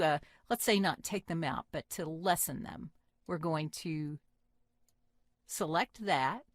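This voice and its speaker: A woman teaching a software tutorial, explaining each step in a friendly, plain way into a desktop microphone. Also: on the low side. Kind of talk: screen-recorded software tutorial.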